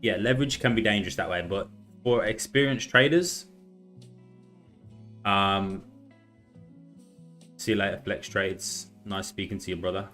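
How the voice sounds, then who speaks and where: A man's voice: lowish voice, a little slow, pauses often, bright, forceful tone, faint music behind. A young man hosting a live trading stream, chatting casually and walking through charts, with a sore throat that makes him slur a bit. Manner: loose and chatty, says "right?" and "man" a lot, slurs a bit. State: sore throat, sucking a lozenge. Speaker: livestream trading host.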